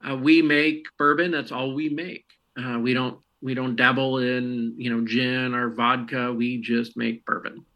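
A man's voice: medium pitch, little pitch movement, measured pace, hardly any pauses, sharp tone, low-quality recording. A man from Texas, a podcast guest, answering questions in a friendly storytelling way with frequent fillers. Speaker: guest, marketing head of a distillery. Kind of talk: casual interview answers.

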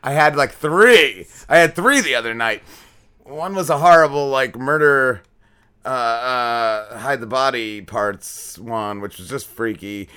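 A man's voice: mid-range voice, a little slow, pushed and bright, smooth. A man co-hosting a podcast, telling a long story in casual chat, rambling and swearing with lots of fillers. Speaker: podcast co-host.

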